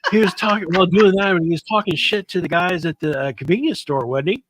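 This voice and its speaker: A man co-hosting a paranormal talk stream, talking haltingly with lots of fillers and repeated words. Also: high-pitched, a crowd in the background, poor audio. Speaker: paranormal investigation podcast co-host. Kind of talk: casual chat.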